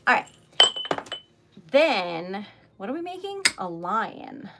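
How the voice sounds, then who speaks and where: A woman's voice: mid-range voice, very animated, slow pace, heavy background noise. A young adult woman chatting casually on a craft livestream, giggly and talkative, often saying "y'all".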